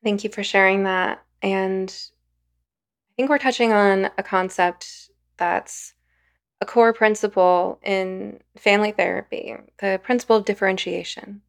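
Thoughtful woman host with a smooth voice. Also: mid-range voice, fairly even intonation. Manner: measured, thoughtful, self-deprecating. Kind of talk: podcast interview.

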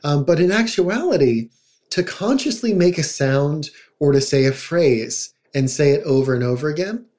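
Middle-aged man explaining calmly. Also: a little high, normal speed. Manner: conversational, acts out quoted voices. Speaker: child psychologist guest. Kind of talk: casual podcast conversation.

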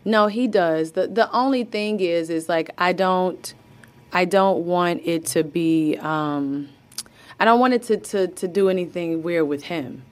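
A woman being interviewed, with a slightly low voice, chatting easily about home life. She laughs a lot and slips into little voices when quoting others, in a relaxed conversational way. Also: a little slow. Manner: laughs often, tells stories with quoted voices. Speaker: guest. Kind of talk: casual interview chat.

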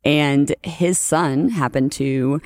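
A young woman from New Orleans, a podcast guest, telling lively stories in casual chat and acting out the lines of the people she quotes. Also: sits low, slow, no echo. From New Orleans, USA. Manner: animated storyteller, acts out quotes, laughs often.

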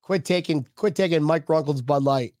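Casting note: excitable male co-host, voice sits a bit high, dry close mic, jokey casual chat. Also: normal speed, dry recording. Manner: joking, laughs often, excitable. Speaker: podcast co-host. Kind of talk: casual chat reading viewer comments.

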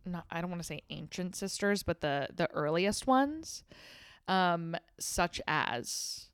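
A woman's voice: on the low side, smooth, dry recording. A woman co-hosting a podcast, talking casually and chiming in often. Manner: animated, quick to chime in. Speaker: podcast co-host. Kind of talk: casual chat.

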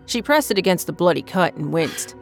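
A woman narrating a scripted horror story in a measured, even storytelling voice. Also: on the low side, soft background music.

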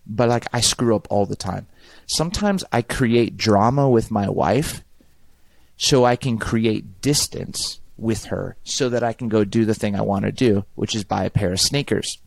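A man's voice: mid-range voice, creaky, dry recording. A middle-aged man, a pastor, talking earnestly and reflectively in a podcast conversation, often repeating words as he thinks.

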